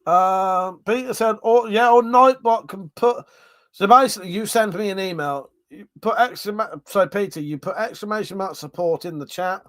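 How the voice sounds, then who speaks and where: A man's voice: high-pitched, no room sound. A man hosting a livestream, casually chatting, reading viewer comments and laughing often through crude banter. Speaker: livestream host.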